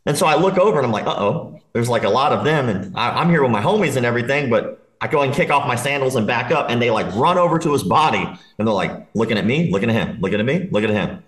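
A man tells a rowdy story in loose, casual talk, swearing freely and breaking into laughter. His voice sits at an ordinary pitch. The room around him rings with noticeable echo. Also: fast talker, hardly any pauses. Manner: animated, swearing, laughing while telling a story. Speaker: podcast guest. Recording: roomy echo.

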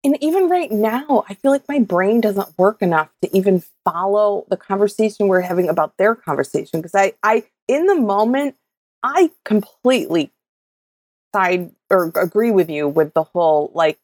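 A woman's voice: medium pitch, expressive, moderate pace, darkish tone, no echo, studio quality. A woman co-hosting a podcast, recapping a reality show in casual chat, rambling and stammering as she acts out quotes. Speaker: podcast co-host.

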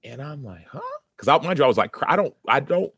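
A man's voice: medium pitch, lively intonation, fast, vocal fry, fairly bright tone, slightly rough, no room sound. A man in his thirties, a former football player, earnestly recounting a personal story in an interview, with many restarts.

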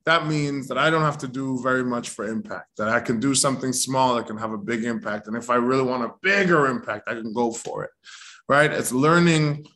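Speaking in a mid-range voice at a brisk clip, a male actor recounts an anecdote in a casual interview, lively throughout and acting out each quoted voice.

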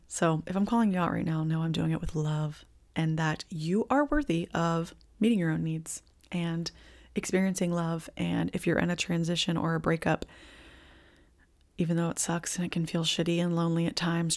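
A young woman hosts a live reading, talking casually and earnestly with lots of filler words. Her voice sits a little low and has a gravelly fry, and she turns tearful and drops into soft whispers. She is filming herself indoors on video. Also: fairly even intonation, moderate pace. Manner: warm, earnest, chatty with frequent likes and ums. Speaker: intuitive reader and podcast host.

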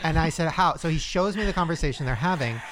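A man's voice: on the high side, expressive, fast talker, over a noisy crowd. A man guesting on a casual podcast, telling joking anecdotes and laughing through them.

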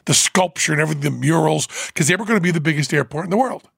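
A man hosting a podcast, telling a rambling story with fillers and quick laughs. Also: a little high, gravelly, husky, dry recording. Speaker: podcast host. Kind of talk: casual storytelling. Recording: dry close studio mic.

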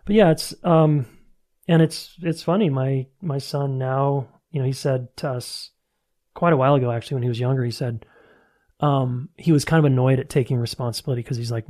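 A man of ordinary middle pitch speaks as a podcast guest and relationship coach. He is candid and reflective, and he circles his points with casual fillers. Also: fairly even intonation, brisk, warm tone.

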